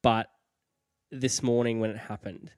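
Young aussie guy co-hosting a podcast, chatty and animated, dry close sound. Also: measured pace, smooth, dry recording. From Australia. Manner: animated storyteller, jumps high when acting out quotes. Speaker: podcast co-host. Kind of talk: casual chat.

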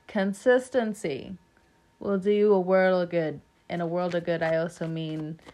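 A woman's voice: mid-range voice, darkish tone. A woman giving a casual tarot reading to camera, chatty and rambling, laughing often as she talks. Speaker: tarot reader.

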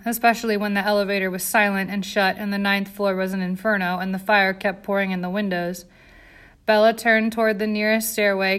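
A woman reads a tense story aloud with steady, dramatic pacing. Her narration stays controlled and clear while the story builds suspense. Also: medium pitch. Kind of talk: audiobook narration.

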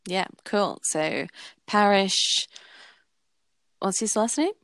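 A woman's voice: medium pitch, slow pace, a bit bright, no room sound. A woman co-hosting a podcast in casual chat, rambling and searching for words. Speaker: podcast co-host.

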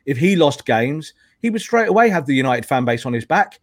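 A man's voice: a little high, sing-song, brisk. An emphatic man holds forth as a guest pundit on a football podcast. He argues his case in a lecturing way and often circles back to hammer a point home. His voice sounds dry and close, with no room echo.

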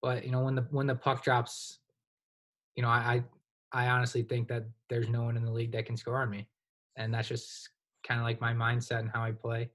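A man's voice: mid-range voice, fairly quick. A young man in his twenties, a hockey goaltender, talking casually in a podcast interview and filling his sentences with "you know". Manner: relaxed, rambling, heavy use of "you know". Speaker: guest, college hockey goaltender.

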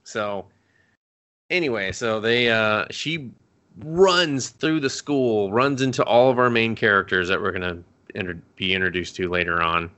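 A man's voice: on the low side, measured pace, sharp tone. A young man co-hosting a podcast, casually recapping an anime episode in a rambling, profane way, laughing often. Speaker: podcast co-host.

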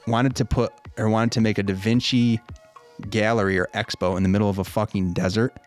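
A man's voice: lowish voice, flat delivery, fairly quick, a little mellow, faint music behind. A man co-hosting a podcast, telling a long rambling story in casual chat and swearing freely. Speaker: podcast co-host.

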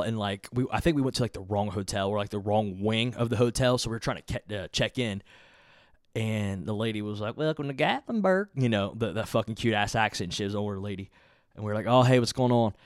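A man's voice: on the low side, fairly even intonation, moderate pace, no room sound, clean studio sound. A young man hosting a podcast, telling a long rambling story with lots of swearing and filler words. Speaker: podcast host. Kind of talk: casual storytelling.

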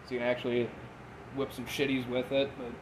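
A man's voice: medium pitch, completely flat delivery, brisk, background noise. A man in his twenties from Minnesota hosting a casual podcast chat, laid-back, swearing freely and laughing as he tells stories. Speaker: podcast host.

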